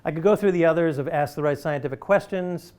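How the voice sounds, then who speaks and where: A man's voice: fairly high pitch, fast, darkish tone, smooth. A man giving a public lecture to an audience, talking in an emphatic, conversational and persuasive way. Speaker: university lecturer.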